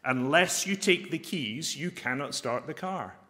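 A man preaching a sermon as a pastor and chaplain, earnest and emphatic, slowing down to stress key phrases. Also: fairly high pitch, animated, sharp tone.

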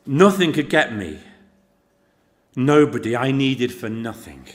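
A middle-aged man preaching a sermon, telling the story dramatically, with rhetorical questions to the congregation and shifts between loud emphasis and quiet intensity. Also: mid-range voice, lively intonation, takes it slowly.

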